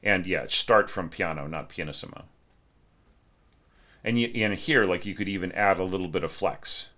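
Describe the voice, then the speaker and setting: Low-voiced man giving casual music critique. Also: moderate pace, sharp tone. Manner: conversational, with many fillers and restarts; hums musical lines aloud. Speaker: orchestration teacher reviewing a student's score.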